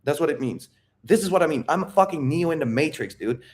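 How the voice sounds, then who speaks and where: A man's voice: on the high side, animated, quick pace. A man coaching on relationships, emphatic and blunt, cursing freely and checking in with his listeners as he acts out scenes. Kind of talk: coaching monologue with role-play.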